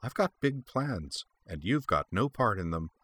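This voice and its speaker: A man's voice: lowish voice, big pitch swings, a little slow, fairly bright tone, no room sound, pitched above the performer's own voice, heavily acted. A man reading aloud voices a fierce, bitter young woman with blades, speaking in a raised, taunting voice.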